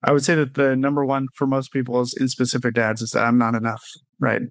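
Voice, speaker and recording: A man with a mid-range voice talks quickly and keeps his pitch fairly flat, recorded with no room sound. He's a guest on a casual interview, a clinical social worker and parenting coach who lays out his views thoughtfully and often checks in with "right?"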